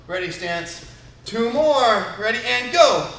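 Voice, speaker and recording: A man with a high-pitched, sharp voice, speaking a little slowly, leads a live online karate class for kids. He's upbeat and encouraging as he calls out counts and commands. A camera a few steps away films him in a martial arts studio, and the room echo is noticeable.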